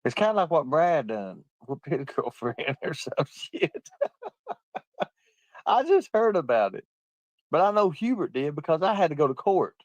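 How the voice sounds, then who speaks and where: A man's voice: on the high side, big pitch swings, measured pace, dry recording. A man telling profane stories through bursts of laughter while he chats on a livestream and reads out comments. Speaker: livestream host. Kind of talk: casual livestream chat reading comments.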